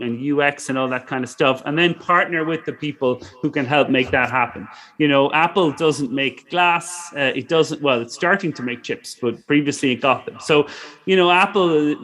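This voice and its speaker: A man's voice: fairly high pitch, fairly bright tone. Middle-aged male guest lecturer for an online startup session, casual, rambling delivery with lots of "you know.". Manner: loose and conversational, peppered with "you know" and self-corrections.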